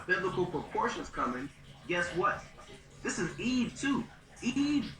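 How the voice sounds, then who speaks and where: Guy preaching scripture, real bright edgy voice, slangy, roomy echo and kinda far off the mic. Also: high voice. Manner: casual slangy speech, reads scripture then explains. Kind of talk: street-style bible teaching.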